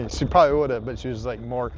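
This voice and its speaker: Man, mid-pitched, rambling vlog chatter outdoors, noisy background. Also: a little fast, darkish tone, highs cut off. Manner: rambling, easygoing, full of fillers and chuckles. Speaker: RV travel vlogger. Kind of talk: casual vlog narration. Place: outdoors at a campground, riding along a trail. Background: outdoor ambience and noise.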